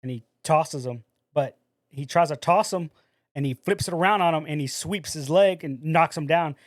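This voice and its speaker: A man co-hosts a podcast in casual chat, retelling a story with animated energy. He acts out the quotes and drops "bro" into his talk. His voice sits slightly high and the sound is close and dry. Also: normal speed, no echo. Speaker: podcast co-host.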